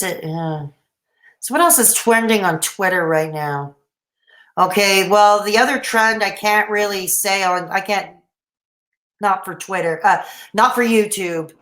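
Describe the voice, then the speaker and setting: A woman in her thirties from Canada runs a loose, casual livestream late at night, reading the chat aloud and responding to it. Her voice sits in the middle range with a touch of brightness, and it echoes around the room.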